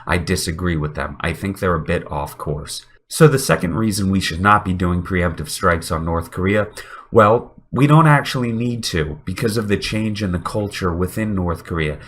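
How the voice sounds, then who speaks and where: A man with a very low, nasal voice, audibly sick with a cold. He delivers an earnest, argumentative commentary monologue. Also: animated, normal speed. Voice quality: deep and nasal. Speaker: political commentator. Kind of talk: opinion rant monologue.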